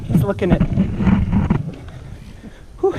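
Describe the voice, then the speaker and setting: A woman horse trainer giving a live teaching demonstration outdoors. She explains her method and coaxes the horse between her points. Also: takes it slowly. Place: outdoor horse pen at a camp. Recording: noisy outdoor recording.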